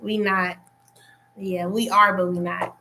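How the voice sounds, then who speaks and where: A woman's voice: on the low side, little pitch movement, slow pace, creaky, pushed and bright, a little hiss or hum. A woman from Chicago with a Chicago accent tinged with Southern, chatting easily as a podcast guest and stopping often on "um". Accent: Chicago with a Southern touch. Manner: easygoing, hesitant, with fillers. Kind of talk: casual chat.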